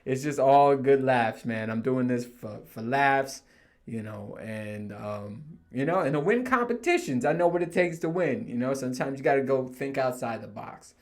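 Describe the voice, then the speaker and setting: Chill young dude doing a solo podcast, swears a lot, keeps laughing, average pitch voice. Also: male voice, animated, normal speed. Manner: laid-back and profane, laughs often, quotes coworkers in mock voices. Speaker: podcast host. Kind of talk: casual solo podcast monologue.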